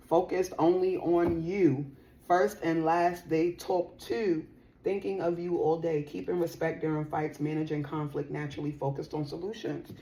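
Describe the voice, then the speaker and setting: A woman's voice: low-pitched, darkish tone. A woman giving a casual tarot reading to her viewers. She talks in a chatty, slangy, playful way and laughs often. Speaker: tarot reader.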